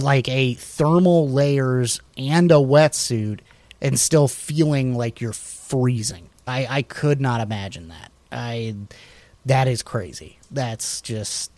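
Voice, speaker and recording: A man's voice: mid-range voice, no echo. A man in a laid-back conversation, reading notes aloud and drifting into asides, full of fillers and self-corrections. His voice sits in an ordinary middle range. The sound is dry and close with no room around it. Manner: relaxed, rambling, many fillers and restarts. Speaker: podcast co-host. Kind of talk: casual chat reading from slides.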